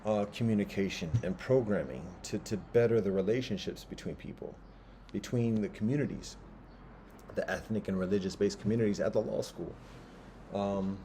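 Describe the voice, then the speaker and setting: Man, 50s, low and deeply mellow voice; rambling monologue that stalls on repeated words and restarts. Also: moderate pace, slight background noise.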